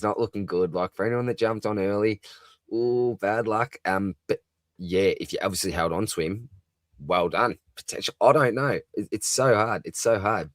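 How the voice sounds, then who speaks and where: Aussie male stream host, low register, dry close sound, casual and chatty, answers comments one by one. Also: no echo. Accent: Australian. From Australia. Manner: chatty, reads viewer comments aloud and answers them, says "mate" often. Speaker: livestream host. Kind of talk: casual live talkback chat.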